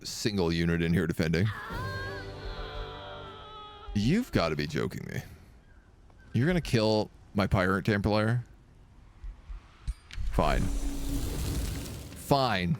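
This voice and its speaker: A man's voice: sits low, lively intonation, measured pace, long pauses, over music. A man casually commenting on a strategy game he is streaming live, talking to his units and making playful sound effects.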